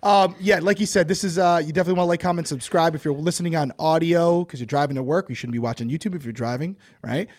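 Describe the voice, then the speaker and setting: A man's voice: on the high side, fast, few pauses. A man hosting a podcast in a casual, easygoing chat, often laughing and using fillers. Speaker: podcast host.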